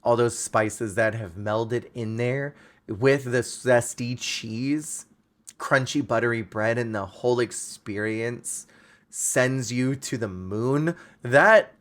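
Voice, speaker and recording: A man hosting a podcast, chatting casually and ranting playfully in an animated way. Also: medium pitch, takes it slowly. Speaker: podcast host. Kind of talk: casual chat.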